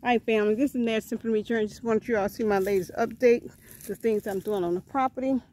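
A woman's voice: on the high side, fairly even intonation, fast, darkish tone. A woman, out of breath, chatting casually to her viewers as a vlogger outdoors and often calling them family. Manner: chatty, folksy, often repeats words and addresses viewers as family. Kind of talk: casual vlog talk to viewers. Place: outdoors on rural property.

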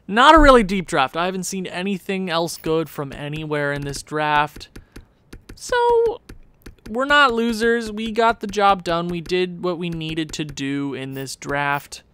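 A man giving casual commentary on a sports video game, animated, talking to himself and often jumping into a high, squeaky voice. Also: creaky, clear, resonant tone. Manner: animated, jumps into high squeaky voice when excited or pleading; talks to himself, muttering low. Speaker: gaming YouTuber.

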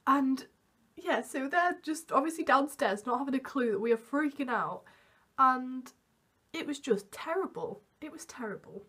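A young woman vlogging, telling a story in an animated way and acting out the quoted voices. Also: sits high, moderate pace, breathy edge. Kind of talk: storytime vlog.

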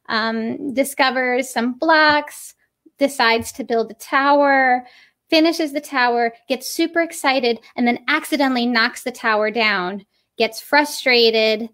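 A woman's voice: fairly high pitch, a bit bright. Explanatory puppeteer woman. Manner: explanatory, demonstrates with quick voices. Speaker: puppeteer and teacher. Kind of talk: casual interview talk.

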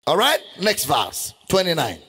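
A man preaching a sermon as pastor, shouting and half-singing scripture verses with great passion. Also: fairly high pitch, wildly swooping pitch, a little slow, slightly rough. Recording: long hall reverb with faint music.

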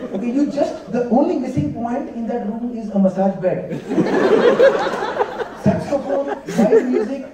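A man's voice: very high voice, noisy background. A young man doing a stand-up comedy set, chatty and storytelling, acting out bits of dialogue. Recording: echoey hall, mic at a distance, audience laughing.

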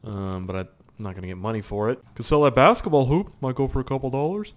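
A young man giving casual, profane gameplay commentary with sudden loud outbursts. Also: medium pitch, fast talker.

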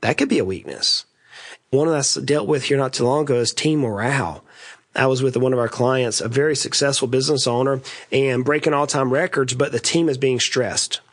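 A middle-aged man from East Tennessee, hosting a conversational business lesson with folksy, joking asides. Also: medium pitch. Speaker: podcast host and financial advisor.

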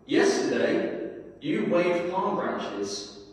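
A haughty young donkey who expects to be adored and gets indignant when he isn't, as a man reads him aloud. Medium pitch, an everyday voice. The sound is roomy and distant, with a long hall reverb. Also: sing-song, very slow, full character voice. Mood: shouting. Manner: cross, indignant, demanding. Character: proud, self-important young male donkey. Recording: echoey hall, voice from far off.

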